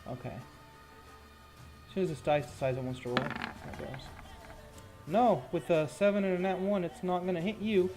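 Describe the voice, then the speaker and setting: A man's voice: high voice, steady tone, normal speed, pauses often, over music. A man narrating a tabletop game as game master, mixing rules talk with casual descriptions of a fight.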